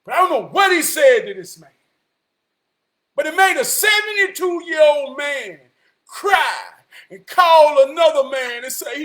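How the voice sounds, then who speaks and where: A man with a very high, sharply bright voice delivers a fired-up motivational monologue. He lurches from loud shouting down to low muttering, hammers lines by repeating them, and curses freely. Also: lively intonation, unhurried. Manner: heavy cursing, repeats phrases for emphasis.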